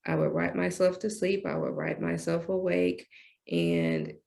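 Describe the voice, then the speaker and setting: A middle-aged woman from the United States, a retired doctor and poet, telling her story in an interview with animated, emotional storytelling. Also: lowish voice, unhurried, gravelly. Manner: animated, acts out dialogue in other voices.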